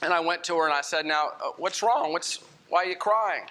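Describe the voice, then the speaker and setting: A man's voice: a little high, fairly quick, bright, forceful tone. A man preaching a sermon in a church, conversational and telling stories with quoted dialogue. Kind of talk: sermon with storytelling.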